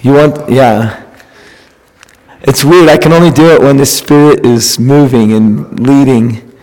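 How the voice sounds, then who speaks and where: In a church sanctuary with long, hall-like reverb, a pastor tests the mic before his sermon, counting into it and chatting casually. His voice sits mid-range and moves a little slowly, and he's relaxed and joking.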